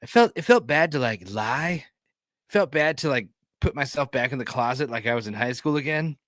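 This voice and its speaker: A man's voice: mid-range voice, normal speed, no room sound, studio quality. A man hosting a podcast, riffing casually and jokingly with lots of fillers while watching a reality show. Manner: animated, joking, rambling with fillers. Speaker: podcast host.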